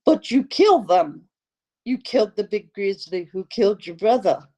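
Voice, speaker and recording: A woman voicing a creepy anonymous male caller who speaks low and breathy with a clumsy fake accent. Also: expressive, slow pace, a little mellow. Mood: creepy, insinuating. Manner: poorly done vaguely French accent.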